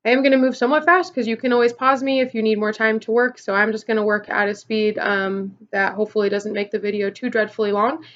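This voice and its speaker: A woman's voice: a little high, fairly even intonation, quick pace, few pauses, highs cut off. A woman Spanish teacher explaining verb forms step by step in a recorded lesson, patient, with frequent "okay" and "um". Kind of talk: recorded classroom lesson video.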